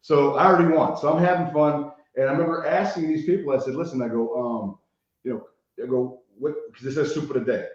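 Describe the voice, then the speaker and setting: Speaking fast and on the high side, the same podcast guest, a Chicago man who works as a rehab consultant, tells animated stories in a casual interview. He swears freely and keeps adding "right?", with the audio muffled and lo-fi in an echoey room.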